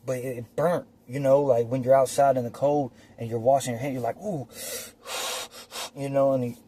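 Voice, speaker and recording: A man telling a personal story casually, outdoors on his phone, animated and profane, acting out the scenes as he goes. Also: mid-range voice, brisk, slight background noise. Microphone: phone or camera.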